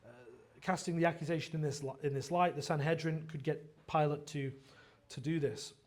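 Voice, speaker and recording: A man's voice: fairly high pitch, fairly quick. A man preaching an earnest expository sermon, stumbling and restarting often and checking in with the listeners. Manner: quotes dialogue in lively voiced asides. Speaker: pastor.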